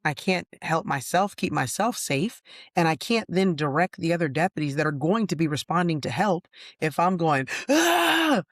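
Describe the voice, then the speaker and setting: A woman's voice: sits low, moderate pace, no room sound. Woman telling deputy stories, dry close mic. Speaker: retired sheriff's deputy, podcast host. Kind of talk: casual storytelling chat.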